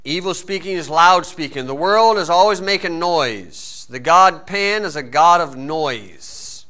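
A man preaching a sermon in a folksy storytelling way, swinging between loud emphasis and quiet asides. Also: fairly high pitch, animated, unhurried.

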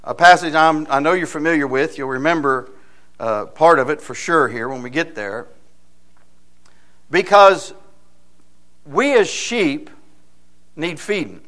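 A man's voice: fairly high pitch, lively intonation, measured pace, long pauses, a bit bright. A man preaching a sermon in a folksy, storytelling way, asking the congregation frequent rhetorical questions.

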